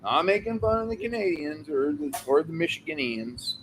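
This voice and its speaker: Excitable rambling man, lively pitch. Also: normal speed, slight background noise. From California. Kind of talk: casual livestream chat.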